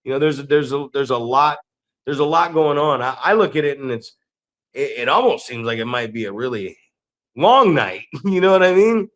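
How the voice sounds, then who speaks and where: A man's voice: medium pitch, lively intonation, moderate pace, a bit bright. A middle-aged man who co-hosts a wrestling podcast, ranting bluntly with plenty of swearing. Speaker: podcast co-host and pro wrestler. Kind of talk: casual podcast chat.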